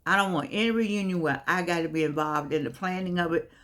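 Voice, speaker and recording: This vlogger has a fairly low but fairly bright voice and talks somewhat quickly. She rambles casually, circling around and repeating herself, and some words come out slightly slurred owing to missing teeth.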